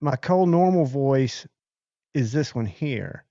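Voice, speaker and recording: A man's voice: mid-range voice, expressive, slow, mellow, dry recording, muffled recording. A man hosting a casual livestream, chatting loosely and thanking viewers by name. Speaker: livestream host.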